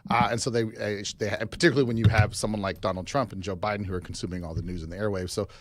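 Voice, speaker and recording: A man's voice: fairly low pitch, fairly even intonation, slight background noise. A middle-aged man from Arkansas, a political strategist guest, giving loose interview answers full of fillers. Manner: fast, loose, filler-heavy talk.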